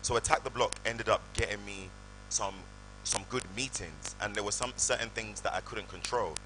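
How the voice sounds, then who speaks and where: A man, telling animated stories on stage at a live event. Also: lowish voice, moderate pace, a little hiss or hum, poor audio. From United Kingdom. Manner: animated, acts out voices in anecdotes. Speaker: guest actor. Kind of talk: storytelling on stage. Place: live event hall with audience.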